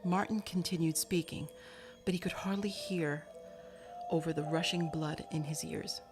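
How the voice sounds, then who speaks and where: A woman with a low voice reads a novel aloud in a steady, measured storybook style. Clear background music runs beneath her narration the whole way through.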